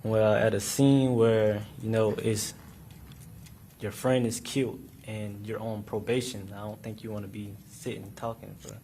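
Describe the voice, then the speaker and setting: Man on the witness stand, mellow dark voice, clipped "correct" answers, faint hiss. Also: fairly low pitch, level tone, a little slow. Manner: terse, repeated one-word answers. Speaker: trial witness. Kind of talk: courtroom testimony. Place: courtroom.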